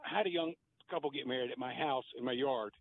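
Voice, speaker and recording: A man's voice: mid-range voice, fast. A man calling into a radio show, earnest and quoting scripture as he talks. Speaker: caller. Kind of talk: phone-in talk. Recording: tinny phone line with faint noise.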